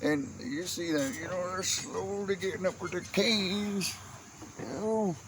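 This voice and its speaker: A man's voice: high voice, measured pace. A man casually telling funny family stories in a rambling way, chuckling at his own tales. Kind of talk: casual storytelling monologue. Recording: noisy background.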